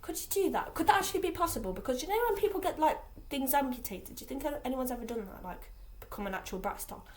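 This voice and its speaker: A woman's voice: high voice, expressive, fast talker, hardly any pauses, darkish tone. A teenage girl from England chatting aimlessly in a casual vlog, full of fillers and restarts. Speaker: vlogger. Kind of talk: rambling casual vlog chat.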